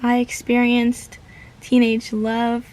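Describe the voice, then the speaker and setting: Slow, earnest young woman vlogger. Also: on the high side, completely flat delivery, darkish tone, poor audio. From United States. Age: young adult. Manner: earnest and heartfelt, slow with pauses. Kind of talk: reflective personal vlog.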